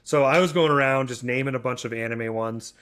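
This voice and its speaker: A man's voice: medium pitch, a little fast, a bit bright. A man in his thirties, a podcast co-host, chatting casually and rambling through stories with acted-out quotes. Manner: rambling storyteller, acts out quoted voices. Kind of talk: casual chat.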